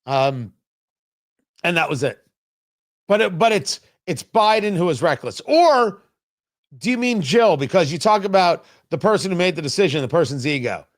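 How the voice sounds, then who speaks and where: Man, talk host, lively swooping pitch, slightly high voice, sarcastic rhetorical questions, livestream commentary. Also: normal speed.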